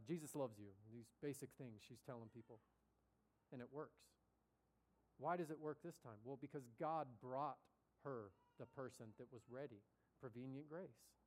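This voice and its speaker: Animated man preaching a story. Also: on the high side. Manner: animated, conversational, acts out quoted voices. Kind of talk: sermon storytelling.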